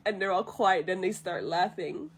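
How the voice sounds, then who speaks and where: A woman's voice: fairly low pitch, normal speed, husky. A woman streamer casually retelling a film from memory, chatty and amused, sometimes losing her place. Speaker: vtuber streamer.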